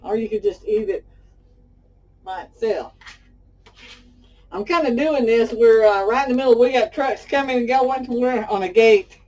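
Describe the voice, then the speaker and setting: A middle-aged Southern woman from Texas hosts a homey cooking demo, calling her viewers "y'all" and drifting into chatty stories. Her voice is mellow and warm. It sits at a slight distance from the microphone. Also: a little high, measured pace, pauses often. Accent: Texan Southern. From Pasadena, Texas. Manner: folksy and talkative, addresses viewers as y'all. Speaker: cooking show host.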